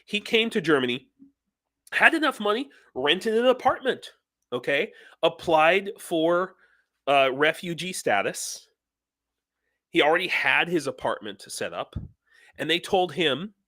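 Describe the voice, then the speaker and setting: A middle-aged man hosting a live stream, talking casually and in an animated, rambling way with many fillers and restarts. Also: on the high side, a little slow.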